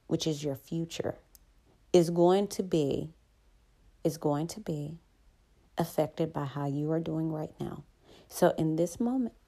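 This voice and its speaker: Low, gravelly, slow-speaking woman. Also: dark tone. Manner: soothing, unhurried, conversational with "right?" asides. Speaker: host. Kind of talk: calm reflective self-help talk.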